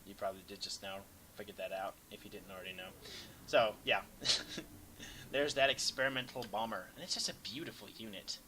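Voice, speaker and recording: A young man casually commenting over a replay of a strategy game, rambling and self-deprecating, sometimes breaking into excited yelps. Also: on the low side, a little fast, a little hiss or hum, low-quality recording. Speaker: gameplay commentator.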